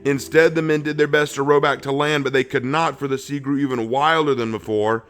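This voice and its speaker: A man teaching a Bible study in a sermon style, swinging between emphatic bursts and slow, hushed phrases and acting out the people he quotes. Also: medium pitch, soft background music. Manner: acts out quoted speech with lively shifts in voice.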